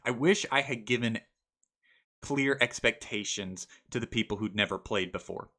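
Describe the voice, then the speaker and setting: A young man recounting his first tabletop game session as game master, animated and laughing often. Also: medium pitch, moderate pace. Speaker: game master telling a story. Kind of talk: casual storytelling vlog.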